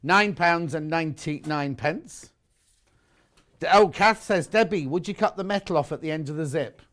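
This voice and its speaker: A man hosts a live shopping broadcast, talking through products in an upbeat, chatty way and joking as he goes. His voice sits a little high for a man. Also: moderate pace, fairly bright tone. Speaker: shopping channel presenter. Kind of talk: live sales presentation.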